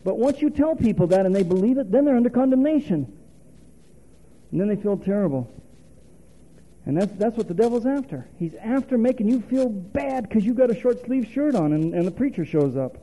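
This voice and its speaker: A man's voice: sits high, lively intonation, brisk, mellow, slightly rough, low-quality recording. A male preacher giving a folksy, conversational sermon, quizzing the congregation and chuckling often.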